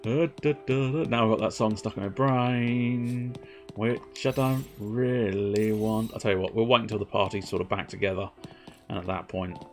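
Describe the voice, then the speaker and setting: A man's voice: fairly low pitch, fairly even intonation, moderate pace. Chatty rambling male game streamer. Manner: chatty, rambling, self-amused, breaks into sung jokes. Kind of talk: casual gameplay commentary. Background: faint game music.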